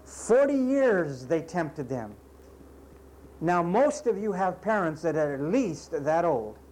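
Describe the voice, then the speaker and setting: A man preaching with a high-pitched voice. He scolds his listeners emphatically, repeating himself for effect, and slips into sarcastic asides. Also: big pitch swings, slow pace, a little mellow, slight background noise, low-quality recording. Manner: sarcastic asides and mocking impressions. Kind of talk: sermon.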